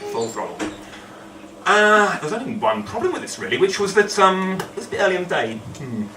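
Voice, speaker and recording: A man's voice: high voice, very animated, brisk, bright, forceful tone. A man telling a true story on stage at a storytelling night, rambling and self-deprecating with humour. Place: event hall. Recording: echoey hall, distant mic, noisy.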